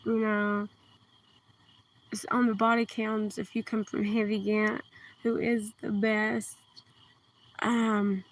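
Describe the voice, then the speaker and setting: A woman with a southern Kentucky accent, chatting on a livestream outdoors at night, speaking slowly and carefully enunciating into a phone. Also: on the high side, gravelly. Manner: slow, deliberately enunciated, soft-spoken. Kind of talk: casual livestream chat. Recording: distant phone mic, faint outdoor hiss.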